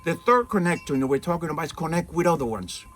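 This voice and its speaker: Quick and expressive, with a slightly bright, higher-leaning voice, a man gives an earnest, informal spiritual talk as a teacher in the shade at his home amid trees and mountains. He often asks rhetorical questions and checks in with "okay?" as birds and wind chimes sound faintly.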